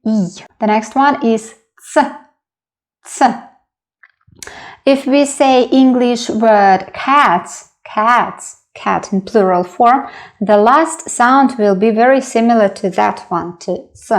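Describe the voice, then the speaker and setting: Woman teacher, Russian accent, very slow and patient delivery, repeats every sound. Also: on the high side. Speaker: language teacher. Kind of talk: slow beginner lesson.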